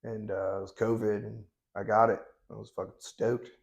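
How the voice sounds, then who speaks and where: Low gravelly-voiced man in his thirties. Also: level tone, normal speed. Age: 30s. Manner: blunt, profane, laid-back storytelling. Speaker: guest. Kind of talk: casual interview storytelling.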